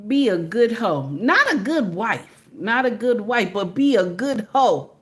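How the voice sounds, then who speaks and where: A woman's voice: mid-range voice, big pitch swings, measured pace, fairly bright tone. A woman giving emphatic, preachy casual commentary to her viewers, repeatedly checking in with "okay?".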